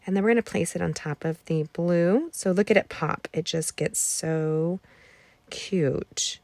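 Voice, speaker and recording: A woman's voice: lowish voice, measured pace, darkish tone, no echo. A woman in her forties hosting a live card-making class, chatting and telling stories while she works. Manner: chatty, storytelling asides while crafting. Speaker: craft class host. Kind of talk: live crafting demo chat.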